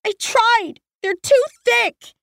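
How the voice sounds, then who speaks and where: A woman's voice: very high voice, a little slow, fairly bright tone, no echo, clean studio sound, pitched above the performer's own voice, heavily acted. Woman voicing a panicky trapped young girl. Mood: hysterical. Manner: pleading, panicky, sobbing cries.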